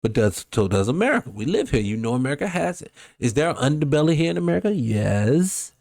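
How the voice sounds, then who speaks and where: A man hosting a show, giving casual reaction commentary in an animated, rambling and profane way. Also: on the high side, fast, vocal fry. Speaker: host.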